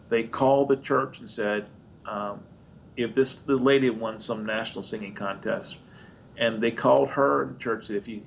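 Man preaching, lively storyteller, jumps up into squeaky voices, dull lo-fi sound, faint rumble behind. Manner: animated storyteller acting out his own voice and others, high squeaky jumps. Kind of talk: sermon storytelling.

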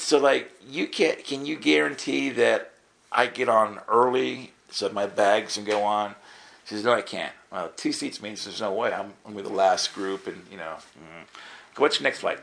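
A man preaching in a casual storytelling way, acting out the dialogue with sudden jumps in his voice. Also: creaky. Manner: animated storytelling, acts out dialogue with jumps in pitch. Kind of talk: storytelling sermon.

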